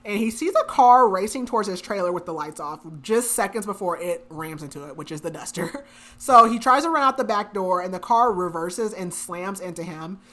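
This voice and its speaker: On a book podcast, this young woman co-host speaks in a mid-range voice that's a bit bright, brisk, with lively intonation. She runs through the plot in a relaxed, chatty way, packed with fillers and frequent laughs.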